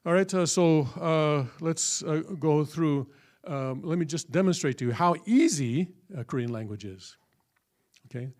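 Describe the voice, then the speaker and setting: A man's voice: on the high side, expressive, measured pace, a little mellow. Patient man teaching with frequent fillers. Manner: patient, explains step by step with many fillers and check-in questions. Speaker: church teacher. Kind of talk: classroom lecture. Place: church hall.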